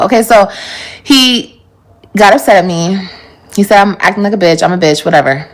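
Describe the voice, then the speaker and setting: A woman's voice: medium pitch, moderate pace, long pauses. Vlogger, young woman, candid and rambling, plain middle voice. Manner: candid, profane, rambling with laughs. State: pregnant. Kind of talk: casual confessional vlog.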